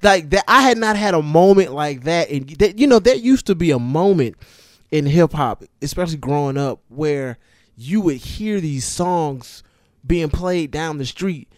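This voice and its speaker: A man in casual, profane conversation about hip-hop songs, animated and given to building up his points. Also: on the high side, unhurried, no room sound, clean studio sound. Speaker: podcast co-host.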